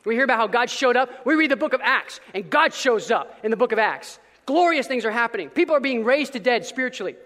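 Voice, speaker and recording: A male pastor preaching a sermon in an energetic, casual way with slang, now and then breaking into shouts. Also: extremely high pitch, quick pace, hardly any pauses, big-room sound.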